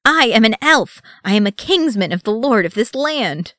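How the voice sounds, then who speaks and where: A woman voicing a proud, touchy male elf archer with high, sharp outbursts, recorded dry. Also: very animated, moderate pace, no echo. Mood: indignant.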